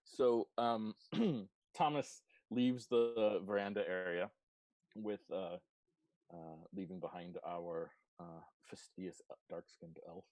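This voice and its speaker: A man's voice: deep voice, takes it slowly, a little mellow, dry recording. A man as game master, narrating a tabletop game in a loose, filler-heavy way.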